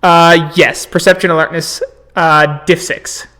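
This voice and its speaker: A man's voice: on the high side, little pitch movement, unhurried, pushed and bright. A man narrating as game master, describing violent scenes with spoken sound effects.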